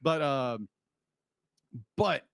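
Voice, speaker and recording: A man's voice: mid-range voice, expressive, drawn-out words, fairly bright tone, smooth, dry recording. A man co-hosting a podcast in casual chat, rambling with frequent restarts and laughs. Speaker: podcast co-host.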